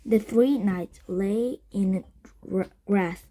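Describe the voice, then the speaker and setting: A woman reading a children's chapter book aloud, slowly and carefully, with slips she corrects. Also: medium pitch, warm tone.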